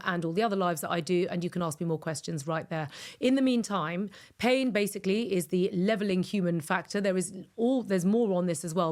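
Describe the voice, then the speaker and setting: A middle-aged woman hosting a podcast, chatting effusively with rambling asides. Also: mid-range voice. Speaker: podcast host. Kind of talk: casual podcast monologue.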